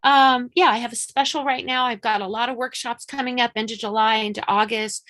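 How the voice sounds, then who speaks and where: Woman, psychic medium, live-stream chat; fairly high voice, frank and urgent, repeats for emphasis. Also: fairly even intonation, fairly quick, a bit bright. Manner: frank and chatty, swears casually.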